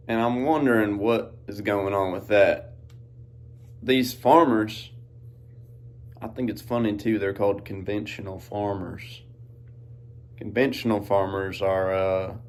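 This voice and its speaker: A man's voice: fairly low pitch, a little mellow. A man hosting a podcast, talking in a laid-back, rambling way full of folksy slang. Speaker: podcast host. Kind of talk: casual monologue. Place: outdoors in farm fields.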